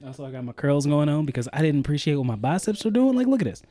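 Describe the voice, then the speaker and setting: A male podcast co-host chats loosely and swears freely, telling animated stories. His voice is dark and mellow. The recording is dry and close. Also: fairly high pitch, racing, no echo. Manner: loose, profane, animated storytelling. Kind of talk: casual chat.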